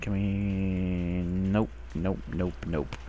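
A young man giving casual commentary while playing a video game, who talks to the animals he finds and gets excited, sometimes swearing. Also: low voice, drawn-out words, dull audio. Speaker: gamer. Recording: faint background noise.

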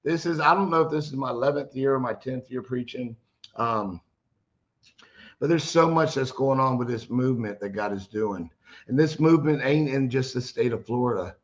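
A man preaching a fervent sermon, getting loud and exclaiming, telling stories with quoted dialogue. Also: mid-range voice, normal speed, muffled recording.

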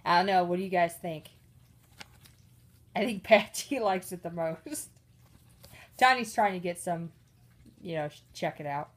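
Casting note: chatty woman with a slightly husky, lowish voice, home pet vlog on a phone. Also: unhurried, long pauses. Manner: chatty, giggly, voices her cats' thoughts in squeaky bursts. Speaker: pet vlogger. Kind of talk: casual off-camera narration of pets. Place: indoors at home. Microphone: handheld phone camera.

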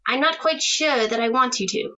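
In a radio drama, a woman plays a teenage daughter who is playful and adoring, teasing and bubbly as she puts her hair up. Her voice sits high and sounds bright and forceful at a moderate pace, though the recording's highs are cut off.

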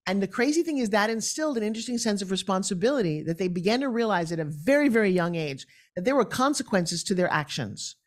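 A middle-aged woman speaking as a guest in an interview, telling lively stories and acting out other people's voices. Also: fast, hardly any pauses. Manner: acts out quoted voices with big pitch jumps. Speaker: guest, pitch expert. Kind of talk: animated storytelling interview.

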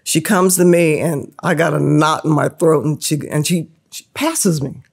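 Animated storytelling woman, laughing often. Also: sits low, normal speed, vocal fry, breathy edge. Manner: lively, laughs often, acts out quoted voices. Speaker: podcast guest.

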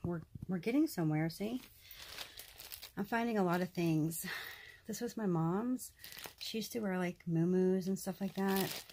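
Woman vlogger, fairly low voice, chatty and animated, faint background noise. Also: creaky. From United States. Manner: chatty, animated, talks straight to the camera. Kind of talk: casual vlog chat.

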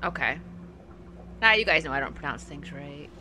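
A woman streamer commenting casually over her gameplay, playful and prone to laughing. Her voice is bright and a little sharp. A faint hiss of background noise sits under it. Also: sits low, expressive, moderate pace. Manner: playful, chatty, laughs often. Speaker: streamer playing a game. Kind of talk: casual let's-play commentary.

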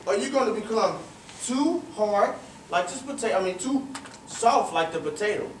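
A man voicing a patient, wise father who is a chef, speaking calmly and guiding with questions in a story. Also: high-pitched, moderate pace, a little hiss or hum. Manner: calm, guides with questions. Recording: roomy, distant, faint ambience.

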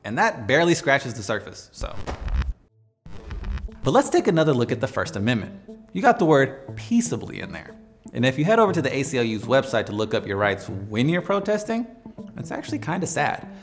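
A man's voice: medium pitch, big pitch swings, a little fast. A man hosting an educational explainer video in a playful, conversational way. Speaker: host. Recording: faint music behind.

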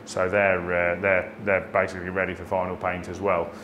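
Flat-voiced man in a workshop. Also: low voice, normal speed, background noise. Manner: steady and hesitant, many fillers and restarts. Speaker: body shop lead. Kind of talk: casual workshop update.

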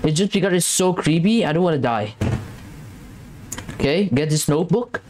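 A man's voice: on the high side, animated, moderate pace, a little mellow. A man talking over a horror game, jittery and scared, rambling and repeating himself. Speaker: gameplay commentator. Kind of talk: gameplay commentary. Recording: noisy background.

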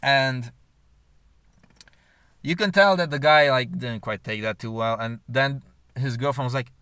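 A man's voice: medium pitch, takes it slowly, sharp tone, clean tone, no echo, clean studio sound. A man telling a long personal story in a rambling, profane way, full of filler words. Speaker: vlogger. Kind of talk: casual storytelling monologue.

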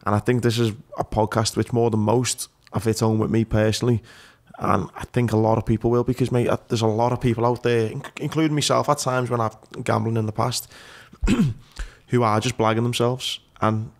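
A man's voice: medium pitch, steady tone, a little fast. A man hosting a casual podcast interview, earnest and chatty, calling his guest "mate". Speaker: podcast host.

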